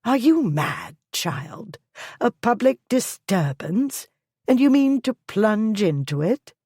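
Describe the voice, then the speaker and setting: A woman's voice: fairly high pitch, big pitch swings, slow pace, darkish tone, slightly rough, no echo, studio quality, pitched above the performer's own voice, full character voice. A woman voicing a stern, worried older aunt who scolds in alarm. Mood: scolding.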